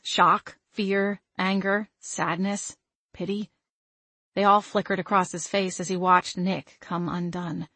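Lady reading a novel out loud, lowish voice, soft and measured, dry close mic. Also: no echo. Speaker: audiobook narrator. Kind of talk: first-person audiobook narration.

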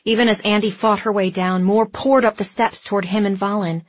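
A woman reading a story aloud as an audiobook narrator, with a steady, even delivery. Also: medium pitch, brisk. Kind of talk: scripted narration. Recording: dry, slightly dull lo-fi recording.

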